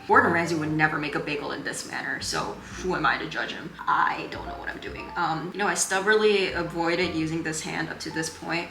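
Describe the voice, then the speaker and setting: Young woman, cooking vlogger, self-mocking and sarcastic, slightly low, bright tone, faint music behind. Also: reverberant. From Korea. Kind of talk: casual vlog chat. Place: home kitchen.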